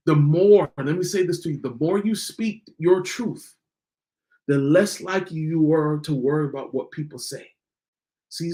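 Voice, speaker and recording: A man hosting a podcast, giving a motivational talk in a preachy way and repeating lines for emphasis. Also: a little high. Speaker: podcast host.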